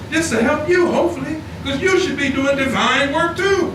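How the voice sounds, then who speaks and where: A man's voice: very high voice, moderate pace, few pauses. A man preaching a fervent, repetitive sermon in a temple hall, driving his points home with rising emphasis. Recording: echoey hall, distant mic, noisy.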